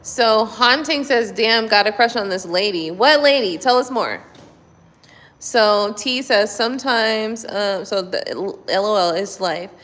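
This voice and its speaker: A woman's voice: mid-range voice, a little slow, a bit bright, long reverb tail. A woman doing a blunt, profane casual chat with her live viewers, talking to them from home at night. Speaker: tarot reader.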